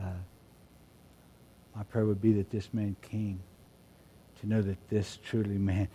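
A man preaching a sermon, moving between quiet reflective passages and loud emphatic shouts. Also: fairly low pitch. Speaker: pastor.

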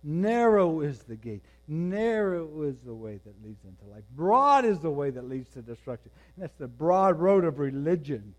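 A man preaching a sermon, moving between quiet, intense passages and raised, emphatic ones. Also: a little high, big pitch swings, normal speed, hardly any pauses. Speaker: pastor.

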